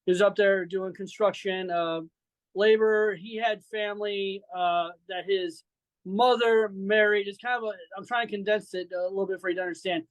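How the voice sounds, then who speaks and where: A man's voice: high voice, steady tone, moderate pace, no echo, low-quality recording. A man in his forties from Saint Louis, a wrestler guest chatting loosely with lots of fillers and some brash trash-talk. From Saint Louis, Missouri. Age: 40s. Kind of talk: casual interview chat.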